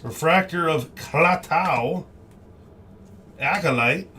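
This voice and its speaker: A man's voice: on the high side, slow, bright, forceful tone, a little hiss or hum. A man hosting a live card break stream, reading out each card with upbeat, cheerful exclamations.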